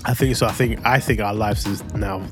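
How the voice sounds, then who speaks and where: A man's voice: lowish voice, fairly even intonation, fairly quick, over music. A man co-hosting a casual podcast chat, telling a family story and playfully acting out his son's lines. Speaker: podcast co-host.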